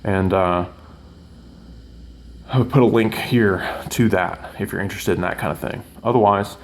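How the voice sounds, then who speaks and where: Low-pitched and at a moderate pace, a man chats casually about a movie for his channel review, rambling with lots of fillers and restarts. Recorded with the mic at a distance, the audio has a roomy echo and slight background noise.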